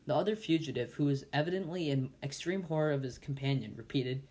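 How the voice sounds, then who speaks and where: A man's voice: on the high side, quick pace, hardly any pauses, darkish tone. A man volunteer reading a classic novel aloud, with frequent stumbles and restarts. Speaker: volunteer reader.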